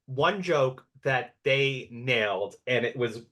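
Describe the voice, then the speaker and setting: A man co-hosting a podcast, telling stories in a rambling, animated way with lots of fillers. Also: medium pitch, takes it slowly. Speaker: podcast co-host. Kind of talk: casual chat.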